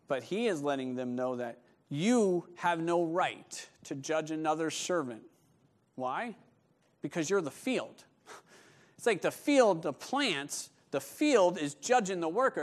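High-voiced, joking male preacher. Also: expressive, measured pace. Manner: conversational and joking. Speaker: pastor. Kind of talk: sermon.

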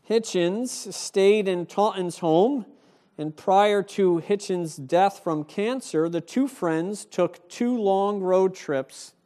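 Male preacher, slightly high voice, slow and emphatic sermon delivery. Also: darkish tone. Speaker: pastor.

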